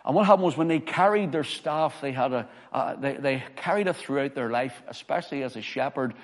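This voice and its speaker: A man's voice: medium pitch, a little fast. A man preaching a sermon as pastor, reading scripture with emphasis and telling personal stories. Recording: long hall reverb.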